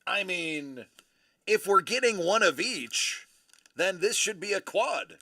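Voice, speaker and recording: Male host, forties, slow and easy delivery, joking manner. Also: high-pitched, animated, pushed and bright. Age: 40s. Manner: playful, teasing, jokey sign-offs. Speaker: host of a live card-opening stream. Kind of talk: casual live-stream chat.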